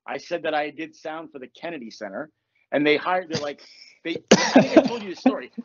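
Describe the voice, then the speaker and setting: A podcast host from Virginia tells stories in casual conversation, laughing often and animatedly acting out the voices of people in them. His voice is a little high and a little fast, and he's on a call using earphones, so the audio is dull, with a crowd audible behind him.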